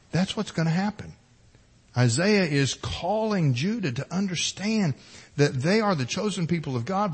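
A middle-aged man delivers a sermon with a slightly husky, breathy voice. He preaches emphatically, swelling louder on key points and dropping low and quiet on others. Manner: emphatic preaching, rising and falling in volume and pace. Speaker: pastor.

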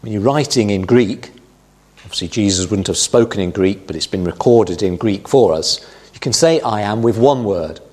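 A middle-aged man delivers a sermon, walking through scripture in a measured way. His voice sits low and has a husky edge. He leans on quoted verses for emphasis. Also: darkish tone. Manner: measured Bible teaching, quoting scripture with emphasis. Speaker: preacher.

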